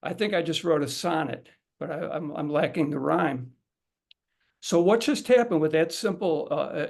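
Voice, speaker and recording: A middle-aged man leads a workshop with a slightly higher, gravelly voice. He talks casually to his audience, repeats himself and restarts phrases, and works through examples out loud. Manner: conversational, repeats words and restarts, demonstrates aloud. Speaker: haiku teacher leading a workshop. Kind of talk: casual instructional talk to an audience.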